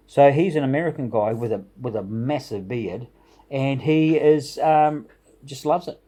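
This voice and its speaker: A middle-aged man with a warm, mellow voice hosts his home brewing vlog. He talks casually and enthusiastically, rambles a little and chuckles along the way. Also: mid-range voice, lively intonation, a little slow. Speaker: home brewing channel host. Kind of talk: casual vlog shout-outs.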